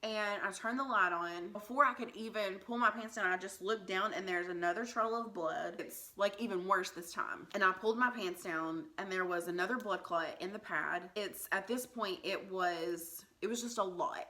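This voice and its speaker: A woman's voice: medium pitch, normal speed, hardly any pauses, sharp tone. A young woman vlogger telling a personal story in a candid, conversational way, full of "like" and "um".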